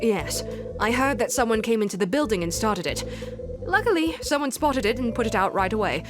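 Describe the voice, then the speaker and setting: A woman's voice: fairly high pitch, animated, a little fast, over music, natural voice. A woman voicing a friendly, polite male neighbor in a video game.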